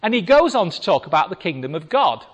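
A man's voice: high voice, sing-song, a little fast, husky. A British man preaching a sermon in a chatty, wry way, reading scripture and talking with the congregation. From Britain. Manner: conversational, wry asides to the congregation. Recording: reverberant hall.

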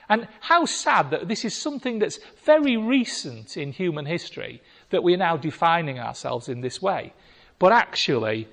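A man preaching a sermon, telling a Bible story with lively acted-out voices. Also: fairly high pitch. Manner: animated storytelling, acting out voices. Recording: long reverb of a hall.

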